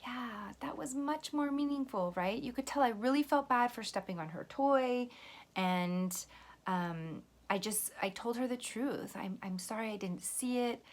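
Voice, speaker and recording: A young woman teaching young children how to apologize, speaking gently and patiently and explaining each step, now and then acting out sample apologies. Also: on the high side, measured pace. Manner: acts out sample apologies to a pretend friend. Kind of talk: lesson for children.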